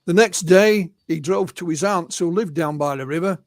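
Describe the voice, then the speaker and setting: A man's voice: fairly high pitch, normal speed, no echo. A man with an English accent, a guest UFO researcher, telling witness accounts in a storytelling way and often adding "you know". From England. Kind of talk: anecdotal storytelling in an interview.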